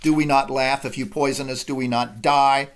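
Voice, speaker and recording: A man's voice: mid-range voice, fairly even intonation, moderate pace, close to an everyday voice. A man reading an anguished army captain. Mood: pleading. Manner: reads quotes aloud. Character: anguished middle-aged male army captain.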